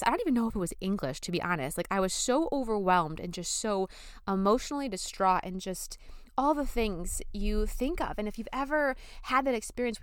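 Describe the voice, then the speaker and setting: A woman's voice: on the high side, clear, resonant tone, no room sound, studio quality. Chatty young woman telling a story. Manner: animated, chatty, lots of fillers. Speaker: podcast host. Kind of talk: casual storytelling monologue.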